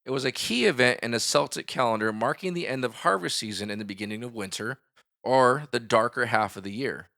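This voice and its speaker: Middle-aged male podcast co-host, bright tone, relaxed and joking as he reads facts. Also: mid-range voice, brisk, vocal fry. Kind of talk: casual chat.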